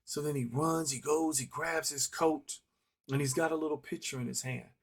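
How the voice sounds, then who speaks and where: Speaking at a moderate pace in a steady, higher-leaning voice, a middle-aged man tells a personal story as a vlogger. He is earnest and reflective, leaning on lots of repetition to drive his points home while soft instrumental music runs in the background.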